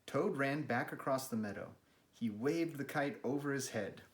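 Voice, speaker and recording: A man hosting a children's read-aloud, narrating a story and making gentle, chatty asides to a pet. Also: medium pitch, moderate pace. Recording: roomy, echoey room.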